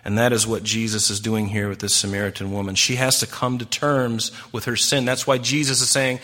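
Man, pastor, sermon, bright forceful tone, conversational, rhetorical questions. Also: fairly low pitch, little pitch movement, a little fast, few pauses. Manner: acts out quoted voices.

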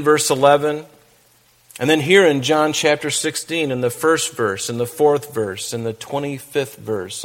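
A man teaching verse by verse in a conversational sermon, with joking asides and slow, deliberate reading of scripture. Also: medium pitch, a bit bright. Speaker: pastor.

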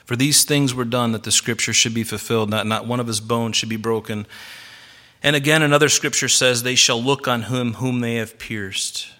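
Male pastor, bright forceful tone, preaching with slow emphatic stresses. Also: mid-range voice, steady tone. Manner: emphatic, varies loudness and slows for stress. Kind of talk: sermon.

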